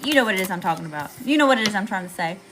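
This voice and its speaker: A woman's voice: mid-range voice, lively intonation, racing, noisy background. A woman with a Southern US accent giving a chatty, slangy live tarot reading to viewers, calling them y'all. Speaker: tarot reader.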